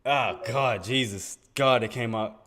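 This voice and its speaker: A man's voice: medium pitch, unhurried, a bit bright. A man hosting a live day-trading stream, talking casually to his chat in slang and laughing often.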